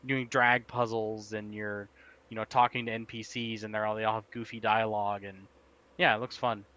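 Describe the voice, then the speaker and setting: A man with a bright, forceful voice chats casually on a live stream, wandering through game news. He talks in loose, filler-heavy runs and laughs easily. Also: lowish voice, level tone, moderate pace, clear, resonant tone, lo-fi sound. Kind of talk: casual chat.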